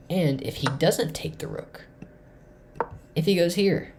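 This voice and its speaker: A man from Tennessee excitedly walking through his chess game, thinking aloud and swinging between loud bursts and hushed asides. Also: fairly high pitch, slow, pauses often, noisy background. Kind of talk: excited game recap to camera.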